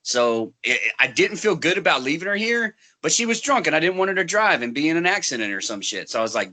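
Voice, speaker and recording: A man's voice: a little high, sing-song, fast talker, hardly any pauses, pushed and bright. A man co-hosting a podcast, chatting casually, laughing often and swearing as he tells a story. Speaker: podcast co-host.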